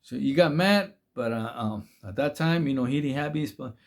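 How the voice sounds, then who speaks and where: A man's voice: medium pitch, lively intonation, normal speed. A man who did time, telling prison stories in casual, profane, slang-filled talk with lots of restarts. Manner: rambling, slang-heavy, profane, many restarts. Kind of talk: casual storytelling.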